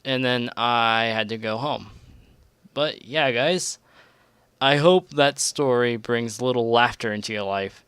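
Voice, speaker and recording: A man's voice: medium pitch, unhurried, fairly bright tone, clear, resonant tone, dry recording. A young man telling a crude, rambling storytime vlog, laughing at his own story. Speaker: storytelling vlogger.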